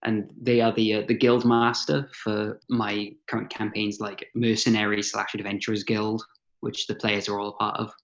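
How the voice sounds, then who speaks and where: A man's voice: on the low side, level tone, moderate pace, lo-fi sound. A man talking hesitantly as a guest on a casual podcast chat, often stammering and laughing shyly. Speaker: podcast guest, dungeon master.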